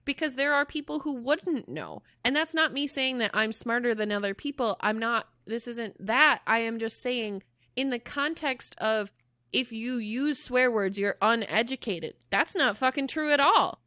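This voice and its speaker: A woman co-hosting a podcast in casual chat, animated and swearing freely, with loud laughs. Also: a little high, moderate pace, no echo, studio quality. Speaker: podcast co-host.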